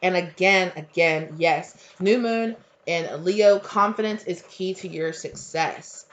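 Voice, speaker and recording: Brief: woman tarot reader, lowish voice, chatty and rambling, dull lo-fi recording. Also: slow, slight background noise. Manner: rambling, filler-heavy, conversational. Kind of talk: casual spiritual tarot reading. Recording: dull lo-fi audio.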